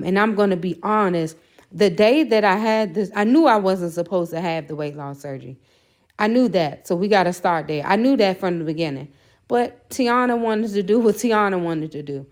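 A woman's voice: lowish voice, a little mellow. A woman sharing a candid personal faith testimony as a podcast guest, earnest and full of "you know" fillers.

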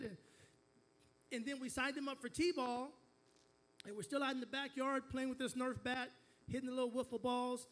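High-voiced man preaching a sermon. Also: flat delivery, moderate pace, a bit bright. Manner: storytelling with call-and-response to the congregation; frequent stammered restarts. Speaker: pastor.

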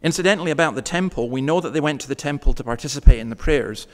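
A man preaching a sermon in a church, talking conversationally and slowing down to stress key words. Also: medium pitch, big-room sound. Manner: conversational preaching, slows for emphasis.

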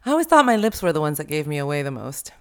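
A woman talking as a guest on a comedy podcast, her voice sitting a little low but swinging widely in pitch. She laughs often and acts out what other people said to her. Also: big pitch swings, very fast, fairly bright tone. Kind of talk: casual chat.

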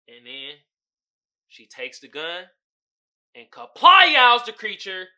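A man's voice: sits high, wildly swooping pitch, slow pace, long pauses, sharp tone. A man hosting a podcast, recapping a movie in a casual, profane, storytelling way with frequent laughter. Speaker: podcast host.

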